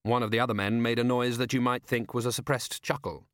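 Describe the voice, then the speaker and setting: A man narrating an audiobook with a wry, measured reading. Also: mid-range voice, steady tone, a bit bright, no echo, studio quality. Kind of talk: scripted narration.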